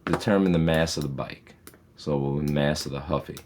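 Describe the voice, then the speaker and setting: A man's voice: very deep voice, steady tone, normal speed, background noise. A man, a physics teacher, patiently and methodically walks through homework problems in a recorded lesson, with reassuring asides.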